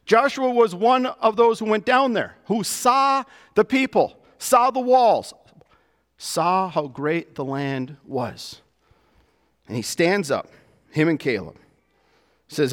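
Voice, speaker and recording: A man preaching a sermon to his church, with animated delivery that rises and drops to soft, emphatic lows. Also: takes it slowly, long reverb tail. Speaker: pastor.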